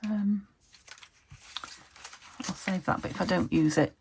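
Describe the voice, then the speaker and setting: A woman's voice: fairly low pitch, takes it slowly, gravelly, darkish tone, slight background noise. A woman from the UK chatting casually to her viewers while she crafts at her desk at home, talking to herself and hunting for words. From United Kingdom. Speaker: craft vlogger.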